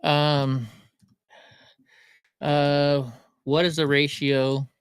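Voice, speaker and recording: A man's voice: fairly high pitch, level tone, extremely slow, clear, resonant tone, no room sound, clean studio sound. A middle-aged man from Alaska hosting a casual livestream, rambling and joking as he reads chat comments aloud. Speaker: livestream host.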